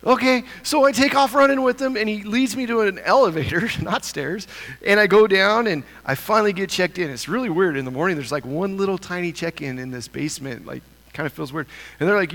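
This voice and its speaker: A man tells a funny, self-mocking story to a congregation, with lively energy. His voice sits a bit high and rises further as he gets excited. A long reverb from a large hall trails each phrase. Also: brisk. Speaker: church speaker. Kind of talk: animated storytelling talk.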